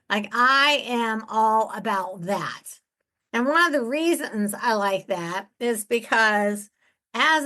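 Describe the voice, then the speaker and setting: Bright, forceful woman podcast host. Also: on the high side. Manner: chatty, candid and enthusiastic. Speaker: real estate investing podcast host. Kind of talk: casual solo podcast talk. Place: at home.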